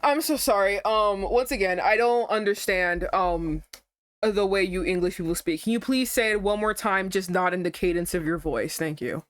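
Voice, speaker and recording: A woman streamer commenting casually on a game, talking fast and swearing in exasperated rants. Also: medium pitch, dry recording.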